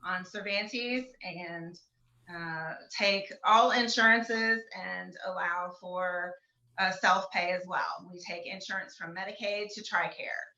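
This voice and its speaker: A woman's voice: lowish voice, steady tone, slow, sharp tone. Hesitant woman therapist on an echoey call. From Florida Gulf Coast. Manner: hesitant, many fillers, trailing off. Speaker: licensed therapist. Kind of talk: casual panel introduction. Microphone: video call. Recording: echoey, dull video call audio.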